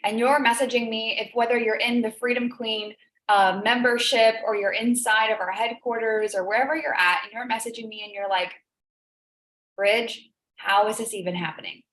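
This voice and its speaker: A woman's voice: a little high, steady tone, fairly quick, a bit bright. A woman hosting a live business coaching stream, talking earnestly and emotionally, repeating phrases for emphasis. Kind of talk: live-stream motivational talk. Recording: echoey room.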